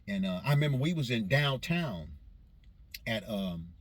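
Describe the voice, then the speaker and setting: A man's voice: mid-range voice, sing-song, normal speed, no room sound. A man from Los Angeles casually recounting childhood memories, meandering and correcting himself as he goes. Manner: meandering, self-correcting recollection in a loose vernacular. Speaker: storyteller recounting his childhood. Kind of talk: casual spoken memoir.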